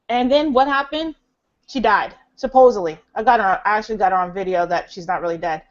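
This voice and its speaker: A woman's voice: mid-range voice, fast. A woman ranting in a casual, rambling way on a group call, with lots of fillers and restarts. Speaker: caller in a group voice chat. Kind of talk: casual conspiracy rant. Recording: dull lo-fi online call audio.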